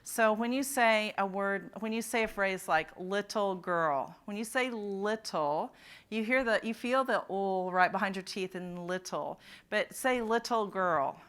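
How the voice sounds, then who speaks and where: A woman's voice: mid-range voice, unhurried, fairly bright tone, clear, resonant tone. A woman presenting a phonics workshop at a conference, quizzing her audience of teachers. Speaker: literacy presenter. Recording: conference talk in a hall.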